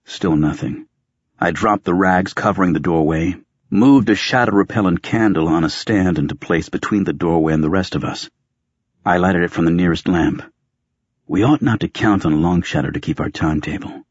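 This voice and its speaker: A man narrating a story in the first person, in a measured, matter-of-fact way. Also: sits low, husky, dry recording, dull audio.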